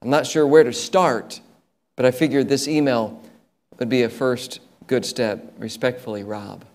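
A man preaching a sermon as an animated story, acting out the lines of the people in it. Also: mid-range voice, unhurried.

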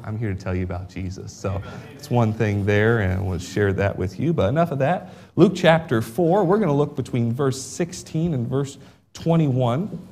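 An earnest young man preaching a missionary sermon in an American accent, though he grew up in England. His voice sits in an everyday middle pitch and lifts into loud, upbeat emphasis when he appeals to the congregation.

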